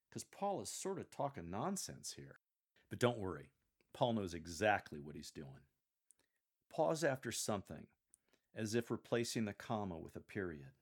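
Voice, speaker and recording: Calm, low-voiced man coaching scripture readers. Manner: calm, measured, explanatory. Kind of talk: instructional coaching on reading aloud.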